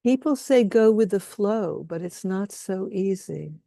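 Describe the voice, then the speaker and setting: A woman leading a guided healing workshop, speaking softly and soothingly as she has the group repeat statements after her. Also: medium pitch, lively intonation, measured pace, gravelly, no room sound, clean studio sound. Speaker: workshop leader.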